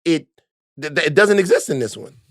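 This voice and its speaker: Brief: male guest, a bit high-pitched, emphatic, stutters on restarts, dry close mic. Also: lively intonation, a little fast, fairly bright tone, no echo. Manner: emphatic, stumbles and repeats words. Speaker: podcast guest. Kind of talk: casual movie podcast chat.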